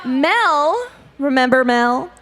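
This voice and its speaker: A high-voiced woman wraps up a true-crime tale for a live comedy podcast, chatty and playful with her punchlines. Her voice sits well above the usual range. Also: sing-song, takes it slowly, a bit bright. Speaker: podcast co-host finishing her case.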